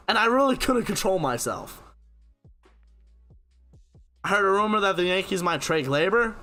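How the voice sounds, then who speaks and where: A man's voice: fairly high pitch, sharp tone. A young man, hosting a live stream and casually answering viewers' sports questions by name. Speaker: live stream host reading chat questions.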